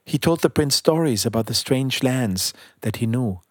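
A man's voice: mid-range voice, animated, normal speed, no echo, clean studio sound. Man reading a storybook aloud.

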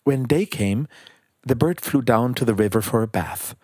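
A man reading a children's storybook aloud in a calm, steady narration. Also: mid-range voice, normal speed, breathy edge, dry recording, studio quality.

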